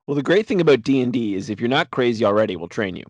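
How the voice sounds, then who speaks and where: A man's voice: medium pitch, expressive, very fast, dry recording. Podcast host guy, jokey and a bit hesitant, dry close mic. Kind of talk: casual podcast chat.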